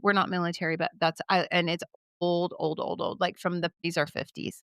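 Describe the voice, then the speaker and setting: Hesitant woman co-host, soft-spoken. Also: lowish voice, flat delivery, fairly quick, smooth, dry recording, studio quality. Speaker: podcast co-host. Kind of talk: casual chat.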